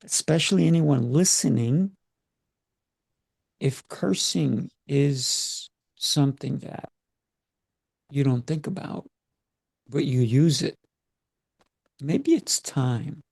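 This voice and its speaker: A middle-aged man speaking as a podcast guest, deliberate and emphatic, drawing out key words. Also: mid-range voice, creaky, darkish tone, slightly rough, no room sound, clean studio sound. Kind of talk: measured podcast talk.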